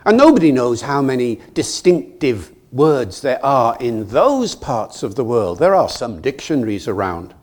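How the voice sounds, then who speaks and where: An older man from Britain giving a public lecture in a lively, self-mocking way, telling anecdotes and chuckling at his own jokes. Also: mid-range voice. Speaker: guest lecturer. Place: lecture hall.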